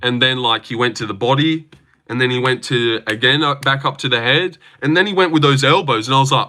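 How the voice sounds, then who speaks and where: A man's voice: mid-range voice, brisk, bright, forceful tone. A young Australian man hosting a casual livestream, reading out viewer comments and chatting in a rambling, laid-back, slangy way. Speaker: livestream host.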